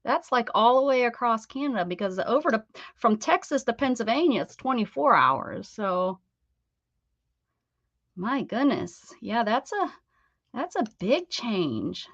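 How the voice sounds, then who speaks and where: With big pitch swings and an unhurried pace, this middle-aged American woman chats with viewers on her craft livestream. Her slightly high voice has a fairly bright tone; she rambles, restarts and laughs over dull, dry lo-fi audio with no room sound.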